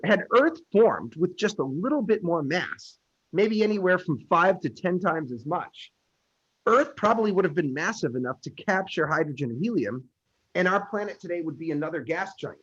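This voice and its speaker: A man's voice: on the high side, breathy edge. A man lecturing on astronomy in an online class, informal and jokey, explaining step by step. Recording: dull lo-fi audio.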